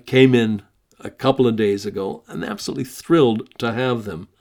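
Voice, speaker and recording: American guy doing a podcast, gravelly voice, takes his time, lots of pauses. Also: medium pitch, a little mellow. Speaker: podcast host. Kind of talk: casual podcast talk and reading a story aloud.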